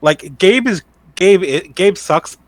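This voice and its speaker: A man's voice: high-pitched, lively intonation, no room sound. Joking man with a dry close sound. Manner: joking, halting, swears casually. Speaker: podcast co-host. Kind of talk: casual chat.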